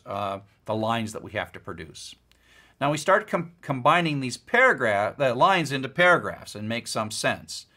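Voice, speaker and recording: A man's voice: medium pitch, sharp tone. A middle-aged man, a university lecturer, giving a recorded course lecture in a conversational, folksy way with playful examples.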